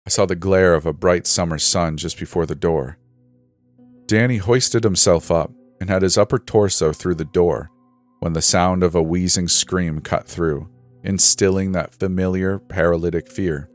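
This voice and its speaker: Deep-voiced man narrating horror. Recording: faint background music.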